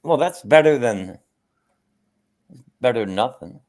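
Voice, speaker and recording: A man in a casual chat who talks haltingly, restarting and repeating himself as he goes. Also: medium pitch, lively intonation, a little mellow.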